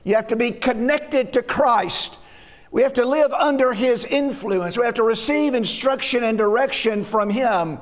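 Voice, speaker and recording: A man's voice: very high voice, normal speed. A man preaching a sermon who often asks rhetorical questions and restarts his words mid-phrase. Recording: long reverb of a hall.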